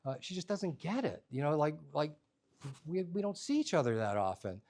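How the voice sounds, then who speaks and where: A man telling a personal story to a live audience, in an animated, humorous, conversational way. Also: a little high, normal speed.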